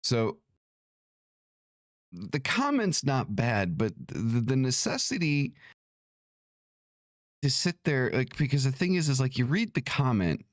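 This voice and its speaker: A man's voice: mid-range voice, sing-song, slow pace, pauses often, dry recording, clean studio sound. A man hosting an occult livestream, ranting in a casual, profane, irritated way, with many restarts.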